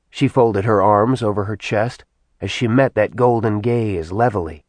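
A man narrating an audiobook in a soft, even storytelling manner. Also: lowish voice, moderate pace, no room sound. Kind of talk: scripted narration.

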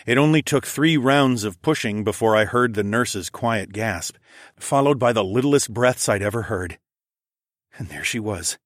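A man narrating a fantasy novel in the first person, in a measured, steady storytelling manner. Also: lowish voice, no echo, clean studio sound. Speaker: audiobook narrator.

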